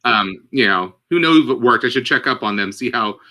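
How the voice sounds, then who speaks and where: A man co-hosting a casual movie discussion podcast, lively and playful, acting out lines from the film. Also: mid-range voice, brisk. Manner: animated, acts out lines from the film in put-on voices. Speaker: podcast co-host.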